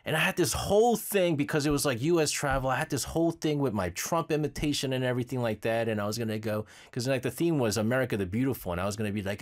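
A talkative man hosting a live radio show from the studio, his pitch swinging up and down as he rambles. He laughs easily and fills his sentences with loose asides while reading out what listeners send in. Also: big pitch swings, a little fast. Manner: chatty, laughs often, loose with fillers.

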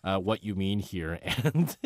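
A man in his forties with a New York accent, chatting casually as a radio host, animated and talkative, often laughing and correcting himself. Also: sits low, slow pace, dry recording. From United States. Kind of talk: casual radio talk, answering a listener letter.

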